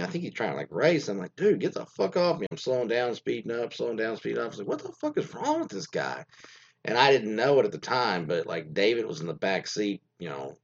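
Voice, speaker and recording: A man's voice: low-pitched, fairly bright tone, muffled recording. A man hosting a casual podcast, reading out listener stories and rambling about them in a crude, meandering way full of fillers and restarts.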